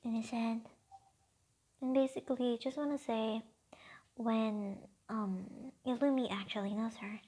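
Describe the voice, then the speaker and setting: A woman's voice: on the high side, fairly even intonation, measured pace, mellow. A woman casually improvising a fan-fiction story, rambling and hesitant, often half-whispering.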